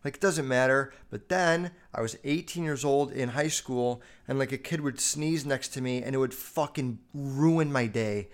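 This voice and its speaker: A young American man hosting a casual solo podcast, telling stories in a loose, profane, animated way. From United States. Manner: profane, animated storytelling with quick jumps in pitch and loudness. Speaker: podcast host.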